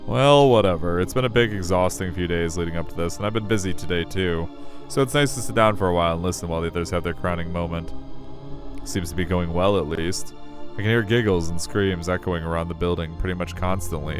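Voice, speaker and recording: A man reading a visual novel aloud, wry and self-deprecating as the narrator. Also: deep voice. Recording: faint music behind.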